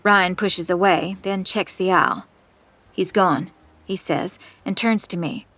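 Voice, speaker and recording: A woman's voice: medium pitch, fairly even intonation, measured pace, a bit bright. A woman narrating in the first person with tense, suspenseful delivery, on a close studio mic. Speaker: audiobook narrator.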